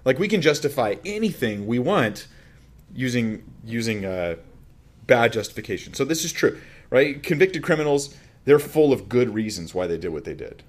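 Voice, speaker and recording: A man's voice: medium pitch, very animated, normal speed. A man preaching a sermon as a pastor, teaching through a Bible passage in a conversational way with emphatic rises and frequent restarts.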